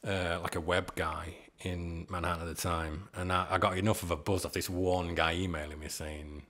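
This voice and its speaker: A man in his forties talks through his past in a loose, meandering way, often chuckling at himself. His voice sits very low. It is a relaxed podcast-guest chat. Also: moderate pace. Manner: rambling, chuckling, self-deprecating. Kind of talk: casual storytelling chat.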